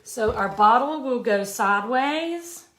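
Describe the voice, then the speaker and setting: A woman's voice: a little high, lively intonation, takes it slowly, a bit bright, slight background noise. A middle-aged woman hosting a live craft tutorial, chatty and folksy, greeting viewers by name as she works. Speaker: art tutorial host.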